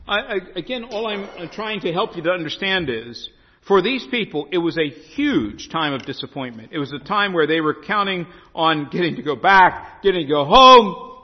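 A pastor with a high, lively voice preaches a sermon, shifting between storytelling and slow, emphatic scripture reading, his pitch rising and falling widely. The sound is dull, with a long church-hall reverb.

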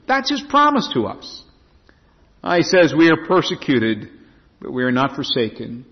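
A man's voice: fairly high pitch, normal speed. A man preaching a sermon as a pastor, swinging his emphasis up and down as he reads and explains scripture. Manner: preaching with lively rising and falling emphasis. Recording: dull lo-fi sound in a reverberant hall.

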